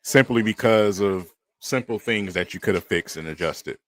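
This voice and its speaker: A very low-voiced man, hosting a live football watch stream. He talks casually and with exasperation, heavy on slang, as he picks apart each play. The sound is dry and close. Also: moderate pace, dry recording. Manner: frustrated, conversational, slangy. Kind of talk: casual sports watch-party commentary.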